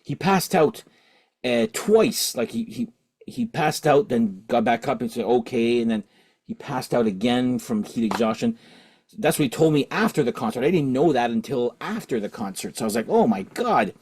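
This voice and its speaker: A man hosting a rock and vinyl channel rambles through a story in a casual rant, his voice animated, husky and a little mellow at normal speed. Drinking while recording, he sounds tipsy, keeps correcting himself and asking "okay?" He jumps higher in pitch and volume when quoting himself and his friend.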